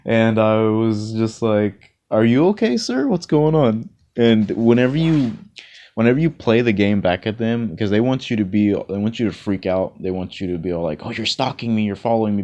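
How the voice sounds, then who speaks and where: A man with a notably deep, low-pitched voice talks straight to camera in a loose, rambling monologue. He stumbles over and repeats words and breaks into chuckles as he goes, with the plain, unpolished tone of a personal vlog. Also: darkish tone, highs cut off. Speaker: vlogger. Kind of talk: casual spoken monologue of encouragement.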